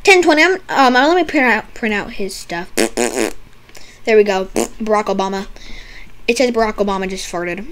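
A young woman playing a doctor in a game roleplay, silly and teasing, with sudden loud outbursts. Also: mid-range voice, sing-song, moderate pace, pauses often. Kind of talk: playful game roleplay banter.

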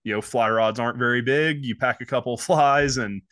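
A man talking casually as a podcast guest, circling his points with fillers and restarts. His voice sits mid-pitch and sounds dry and close, with no room around it. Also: moderate pace, fairly bright tone, no echo. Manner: rambling, many restarts and fillers. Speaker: podcast guest, fly-fishing business owner.

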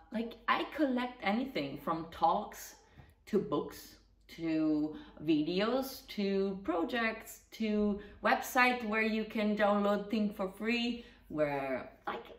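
A woman vlogger chatting casually and rambling, swearing now and then. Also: fairly low pitch. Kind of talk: casual vlog chat. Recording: roomy echo.

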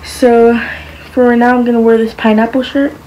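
A woman's voice: on the high side, level tone, moderate pace, mellow, a little hiss or hum, poor audio. A woman vlogging in a casual chat to the camera, rambling along with lots of fillers and restarts.

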